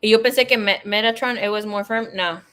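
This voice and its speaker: A woman's voice: medium pitch, steady tone, fast talker, a bit bright, smooth. A woman in her thirties, a psychic tarot reader, chatting casually and telling a story with laughs, swearing and acted-out quotes.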